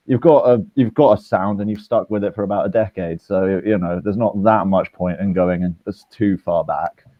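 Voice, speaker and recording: A man's voice: sits low, moderate pace, no echo. A man with a posh English accent, chatting hesitantly and self-deprecatingly, often restarting his words. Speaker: battle rapper. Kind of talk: casual chat. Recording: dry, dull lo-fi sound.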